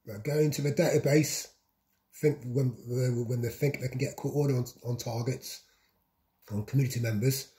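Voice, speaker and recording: A man's voice: mid-range voice, fairly even intonation, normal speed, warm tone. A man talking in a repetitive, insistent vlog monologue, piling up long lists. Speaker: vlogger. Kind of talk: monologue to camera.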